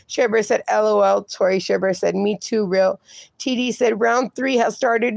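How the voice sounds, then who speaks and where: A woman's voice: medium pitch, fairly even intonation, normal speed, gravelly, a little mellow, no echo. A woman hosting a casual livestream, reading viewer comments aloud and chatting, swearing freely. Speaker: livestream host reading chat.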